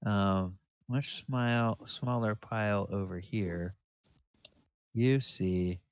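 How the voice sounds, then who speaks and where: Slow, clear-voiced male game master. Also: lowish voice, muffled recording. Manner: unhurried, with fillers and pointing at a map. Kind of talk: narrating a tabletop game.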